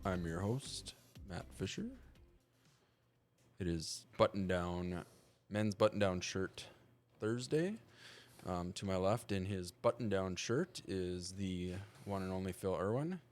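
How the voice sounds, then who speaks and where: A man's voice: deep voice, slow pace, faint music behind. A man hosting a casual podcast chat with his co-hosts, leading the talk in a playful, teasing way. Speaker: podcast host.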